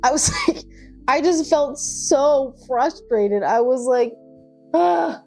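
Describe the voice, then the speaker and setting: A young woman talking casually as a book vlogger, chatty and gushing, with quick asides. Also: high-pitched, a little mellow, soft background music. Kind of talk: casual chat.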